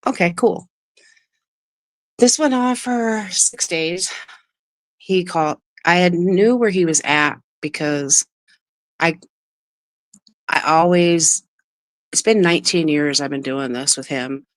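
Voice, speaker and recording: A woman's voice: on the low side, slow, long pauses, no echo. A woman hosting a livestream, telling a personal story in a rambling, emotional way and breaking off to greet chat viewers. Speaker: livestream host.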